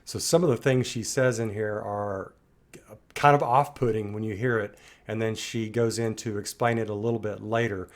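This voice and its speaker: A middle-aged man giving a reflective, loosely rambling commentary monologue, thinking out loud as he talks. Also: fairly low pitch, fairly even intonation, moderate pace. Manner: thoughtful, musing, loosely rambling. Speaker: reaction commentator.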